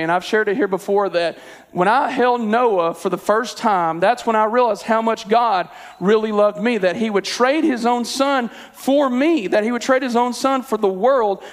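A young man, preaching a sermon in an earnest, conversational way, telling a personal story and leading a prayer. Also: high-pitched. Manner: earnest, conversational with filler words. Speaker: pastor. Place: church sanctuary. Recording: long reverb in a hall.

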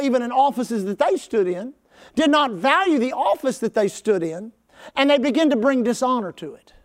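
High-voiced male pastor preaching. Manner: call-and-response with the congregation; rising to shouts at peaks. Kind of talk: preaching a sermon.

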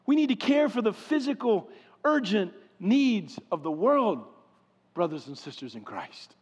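A man preaching a sermon with passion, swinging from loud pleading to hushed, quiet stretches. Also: sits high, big pitch swings, unhurried, slightly rough, dull audio. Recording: long hall reverb.

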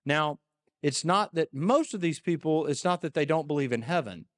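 A man's voice: fairly high pitch, animated, normal speed. A male pastor preaching a sermon in a conversational, emphatic way, often repeating words. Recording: long echo in a church hall.

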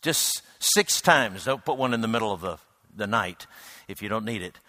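A man preaching a reflective sermon, unhurried, with frequent hesitant restarts. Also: on the low side, expressive, bright, forceful tone, no echo, clean studio sound.

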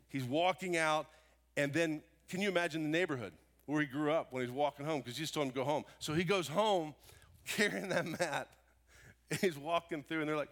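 A man preaching a sermon, telling a story with animated voices that swing from loud exclamations to hushed, quiet lines. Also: medium pitch. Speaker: pastor.

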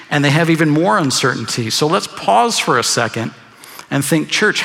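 A man preaching to his congregation with an earnest, emphatic delivery. His voice is bright and ringing and sits a little above the usual pitch, and he hammers home his points by repeating them. The sermon carries the long reverb of a large hall. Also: gravelly. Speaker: pastor.

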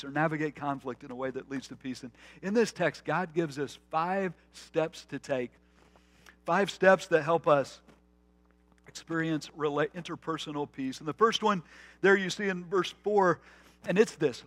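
A male pastor preaching a conversational sermon, telling stories earnestly, restarting phrases, and slowing to a soft voice on key points. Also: on the high side, dry recording. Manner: earnest, storytelling, with frequent restarts.

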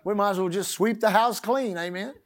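High-voiced preacher. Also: male voice, a little fast. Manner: emphatic, swinging from loud declarations to hushed asides. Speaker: pastor. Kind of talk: sermon.

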